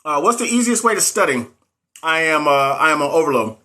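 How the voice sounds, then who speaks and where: A man hosting a casual livestream, talking straight to his viewers in an animated, blunt way and sometimes swearing. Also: a little high, brisk. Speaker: livestream host giving nursing exam advice.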